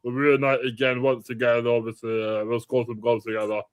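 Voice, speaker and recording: A man's voice: medium pitch, a little fast, clear, resonant tone, close to an everyday voice. A man playing a polite, bland male star striker who tacks "obviously" onto every sentence. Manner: monotone, says "obviously" after every sentence. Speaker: comedy co-host.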